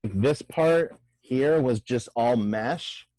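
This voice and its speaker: A man's voice: mid-range voice, extremely slow, dark tone, no room sound. A man telling a story in casual chat, laughing through it, with hesitant starts. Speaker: pastor, guest.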